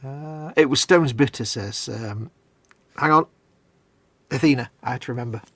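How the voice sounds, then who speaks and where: A man chats easily on a livestream, reading out viewers' comments and trading stories. His voice is slightly husky and sits at a middle pitch. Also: normal speed, no room sound. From northern England. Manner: chatty, reads out viewer comments. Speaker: co-host of a livestream. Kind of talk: casual chat.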